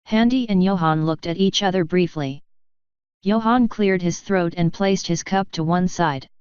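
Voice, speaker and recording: A woman reading fanfiction aloud in a steady storytelling manner, in a dull lo-fi recording. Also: on the low side, unhurried, clear, resonant tone, no room sound. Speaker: story reader. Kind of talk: fanfiction read-aloud narration.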